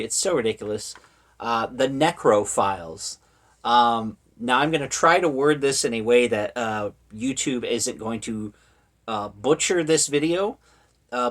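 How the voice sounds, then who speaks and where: A young man talks through his latest finds in a relaxed, rambling way, filling pauses with ums and uhs. His voice sits at an ordinary middle pitch and keeps an amused, easygoing tone. It is casual, unscripted vlog chat. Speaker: horror media collector vlogger. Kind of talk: casual haul video chat.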